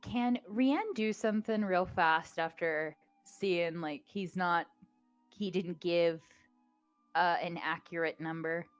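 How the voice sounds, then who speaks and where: A woman's voice: fairly low pitch, takes it slowly, clear, resonant tone. A woman playing a tabletop game speaks hesitantly, with many fillers and restarts. Faint music plays behind her. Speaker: player. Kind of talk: casual tabletop play.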